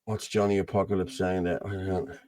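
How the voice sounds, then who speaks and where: A man's voice: deep voice, level tone, brisk, darkish tone. Rambling Irish man hosting. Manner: rambling, keeps saying "you know what I mean". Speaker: host. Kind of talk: casual chat on a video call.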